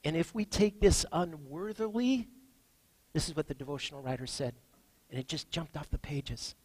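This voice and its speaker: A man preaching a sermon as pastor, earnest, reading scripture and moving between hushed and emphatic lines. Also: on the high side, normal speed, husky, rough recording.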